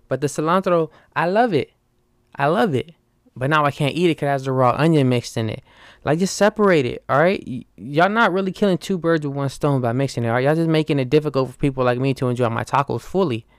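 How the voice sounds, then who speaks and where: A young man rants for laughs, swearing freely and tossing "right?" at his listeners between points. His voice is smooth and full at a middling pitch. The sound is dry and close to the mic. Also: no room sound. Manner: animated, swearing, keeps asking "right?". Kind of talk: profane comic rant.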